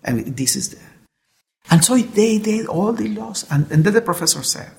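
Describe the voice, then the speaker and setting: A preacher delivering a sermon, weaving a story into the message. The voice is gravelly with a touch of fry, and the delivery is earnest, with frequent restarts as words are sought. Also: medium pitch, animated, moderate pace, darkish tone. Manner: earnest, repeats words while searching for them.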